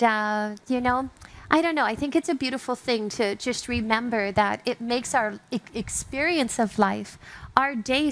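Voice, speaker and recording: A woman's voice: fairly high pitch, fairly bright tone. A woman speaking at a relationship seminar, talking in a thoughtful, searching way with many fillers. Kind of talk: reflective talk to a seminar audience.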